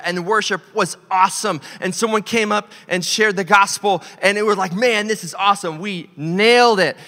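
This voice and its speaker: A male pastor telling a story in a sermon, animated, swinging between loud and hushed delivery. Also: sits high. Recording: long hall reverb.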